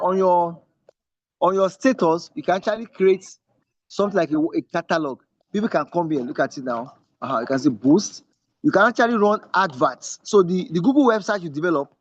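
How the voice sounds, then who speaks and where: A man's voice: high voice, expressive, a little fast, no room sound, dull audio. A man teaching an online class over screen share, emphatic and often checking that listeners are following. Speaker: instructor.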